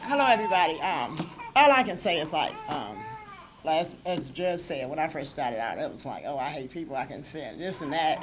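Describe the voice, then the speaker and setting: A woman's voice: sits low, animated, normal speed. Emotional woman laughing through tears. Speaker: drug court graduate. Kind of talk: ceremony speech. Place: courtroom ceremony. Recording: noisy courtroom.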